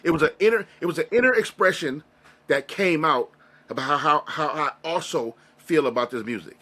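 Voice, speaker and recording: A man's voice: on the high side, brisk, pushed and bright. A man being interviewed, telling a personal story in an earnest, rambling, emotional way with frequent restarts. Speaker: interview guest, music reaction creator. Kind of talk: casual interview conversation.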